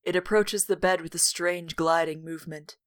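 Female podcast co-host, low-ish register, theatrical gothic read-aloud, wry asides. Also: steady tone, normal speed. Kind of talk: reading a gothic novel aloud.

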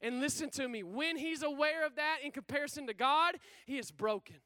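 A man's voice: very high-pitched, brisk, no echo. A man preaching a sermon with energy and casual slang, calling out questions for the congregation to answer. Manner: energetic, call-and-response with the congregation.

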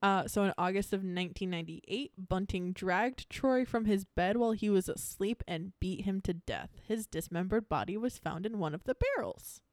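A young woman of middling pitch hosts a casual podcast and reads out her notes, breaking in with jokey, self-mocking asides. The sound is dry and close with no room echo. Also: normal speed, few pauses, a little mellow. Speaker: podcast host presenting a case. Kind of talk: casual chat reading from notes.

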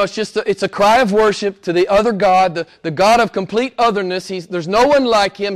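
A middle-aged male pastor preaching a sermon, swinging from hushed asides to high, emphatic exclamations. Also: normal speed.

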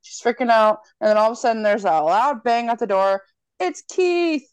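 Casting: young woman, podcast co-host, lively storyteller who swears freely, dry close sound. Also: fairly high pitch, normal speed, smooth, dry recording. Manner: animated storyteller, swears freely, acts out lines. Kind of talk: casual chat, retelling a horror movie.

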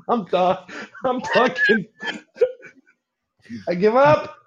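A man co-hosting a podcast over Bluetooth headphones, talking loudly with lots of swearing and jokes. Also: fairly high pitch, noisy background. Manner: loud, profane, joking. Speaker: podcast co-host. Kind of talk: casual chat. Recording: muffled call audio.

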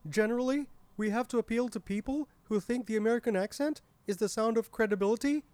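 A woman voicing a smug white male ad executive, the boss's entitled son, who talks in a hesitant, deadpan way in a comedy sketch. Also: on the high side, dry recording, natural voice. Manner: hesitant, deadpan with drawn-out fillers.

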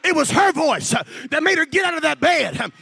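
A man preaching a sermon, shouting in a sing-song cadence with "uh" breaths between phrases. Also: extremely high pitch, animated, moderate pace, creaky, dry recording, clean studio sound.

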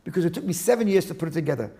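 A man interviewed as a guest, explaining his work in an animated, digressive way with many restarts. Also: on the high side, racing, husky. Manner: animated, digressive, with frequent restarts and Talmudic terms. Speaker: guest, attorney and index author. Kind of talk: casual interview talk.

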